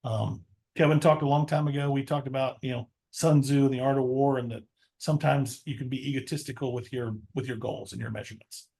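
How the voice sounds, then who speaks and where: A man who leads an insurance agency, speaking as a guest in a relaxed podcast chat with stammering restarts. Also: mid-range voice, a little fast, vocal fry. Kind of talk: casual podcast conversation.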